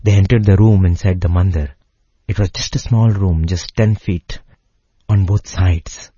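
Man, very low voice, husky, measured devotional storytelling, dull lo-fi dry sound. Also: steady tone, mellow, no room sound. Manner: measured, phrase by phrase with pauses.

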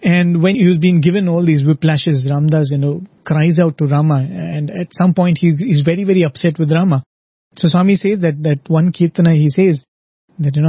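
A man's voice: on the high side, fairly even intonation, normal speed, mellow, breathy edge, no room sound, dull audio. A man giving an earnest, reflective devotional discourse, often ending his points with "right?". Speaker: spiritual speaker.

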